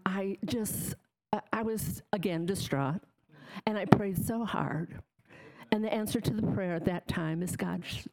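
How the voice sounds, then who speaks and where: Woman, low-pitched, slow and unhurried, candid spoken testimony, plainspoken and emotional. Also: warm tone, rough recording. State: tearful. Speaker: testimony speaker. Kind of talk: personal faith testimony.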